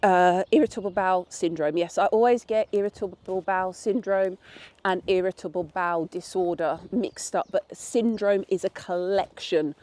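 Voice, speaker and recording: A woman talks candidly in a loose, rambling vlog, often restarting her sentences as she goes. Her voice sits at a middling pitch, and the sound is very dry and close with no room echo. She is outdoors walking her dog. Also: steady tone, normal speed, a little mellow. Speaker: vlogger. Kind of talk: casual chat. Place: outdoors on a path.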